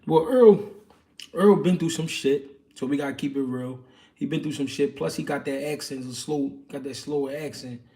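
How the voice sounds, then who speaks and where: A man's voice: on the high side, moderate pace, dark tone, distant mic. A man hosting a livestream, answering viewer questions in casual, slangy boxing chat with loose street talk and many fillers.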